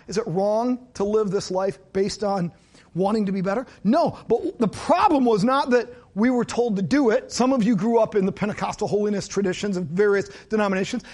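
A man's voice: sits high, a little fast, a little mellow. A man preaching a sermon to his congregation, conversational and joking with asides. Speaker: pastor.

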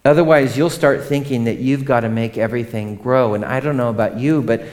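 A man in his thirties preaching a sermon, conversational and animated, often turning to ask the congregation questions. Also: medium pitch, a little fast. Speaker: pastor.

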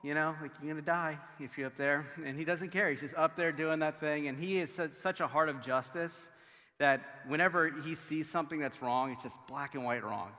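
Bright-voiced pastor preaching in a hall. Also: male voice, fairly high pitch. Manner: conversational, filler-heavy, animated storytelling. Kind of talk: sermon with humorous family stories. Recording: long hall reverb.

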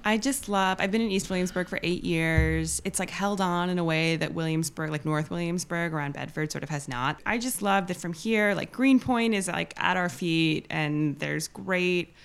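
A woman's voice: fairly low pitch, moderate pace, gravelly, hardly any pauses, clear, resonant tone. A woman in her thirties, a guest in a casual interview, chatting in a rambling way with lots of "like". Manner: chatty, rambling, fills speech with "like".

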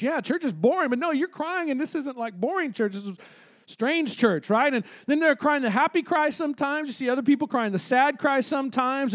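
Male pastor, very high voice, casual joking sermon in a church. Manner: conversational, joking preacher with asides. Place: church sanctuary.

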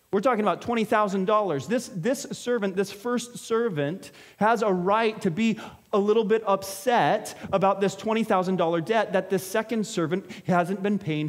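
Man, pastor, high-pitched voice, casual explaining sermon, everyday examples. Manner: conversational, explains with everyday examples and acted-out quotes.

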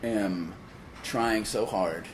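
Man, casual podcast chat, teasing and deadpan, roomy echo, noisy background. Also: fairly low pitch, very slow. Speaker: podcast guest.

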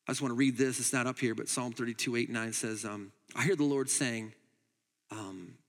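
A man preaching a sermon as pastor, emphatic, moving between loud urging and quiet asides. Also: medium pitch, steady tone, brisk, big-room sound. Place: church hall.

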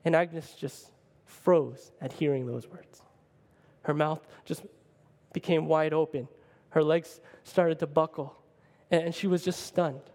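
A male pastor telling a story in a sermon, animated and conversational, often checking in with the listeners. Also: on the high side, slow pace, big-room sound. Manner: animated, conversational, keeps asking "right?".

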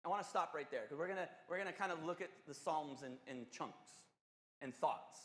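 A male pastor preaching a sermon, telling a story in an animated, conversational and earnest way. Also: a little high, brisk. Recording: echoey hall.

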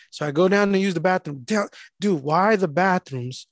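A man's high voice comes through at normal speed in a dry, studio-quality recording. He's telling a foul-mouthed story in casual conversation, lively throughout and acting out each person he quotes.

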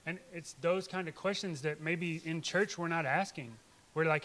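A man's voice: on the high side, fairly even intonation, moderate pace, a bit bright. A church member, a man, gives an earnest, informal testimony to the congregation, rambling with many restarts.

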